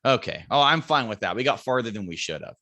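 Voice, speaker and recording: Guy on a podcast telling a hunting story, bright sharp voice, swears a lot and acts out all the quotes. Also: medium pitch, quick pace. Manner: animated storyteller acting out quotes, swears freely. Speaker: podcast guest.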